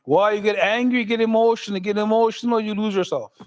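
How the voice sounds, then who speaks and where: Middle-aged man, imam, high voice, casual sermon, joking and questioning the crowd. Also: fairly even intonation, quick pace, low-quality recording. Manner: joking, conversational, asks the audience questions.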